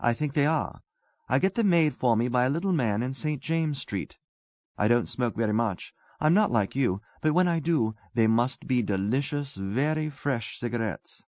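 A man reading a story voices a wistful English gentleman who talks earnestly and tenderly. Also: medium pitch, expressive, moderate pace, dry recording, pitched above the performer's own voice, close to an everyday voice. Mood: light, musing.

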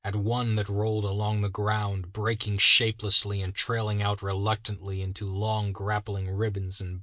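A man reading a story aloud in steady, measured narration. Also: lowish voice, no echo. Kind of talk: scripted narration.

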